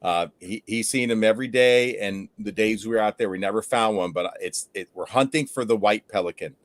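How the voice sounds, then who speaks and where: A man hosting a casual fishing livestream, telling stories with lively energy and casual swearing. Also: lowish voice, brisk, no echo. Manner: animated storyteller, swears casually. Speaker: fishing show host.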